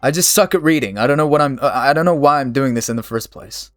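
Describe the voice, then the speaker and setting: A man's voice: mid-range voice, quick pace, no echo, studio quality, soft background music. A man reading a game's story aloud, stumbling over words, swearing and mocking himself. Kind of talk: casual reading of game dialogue.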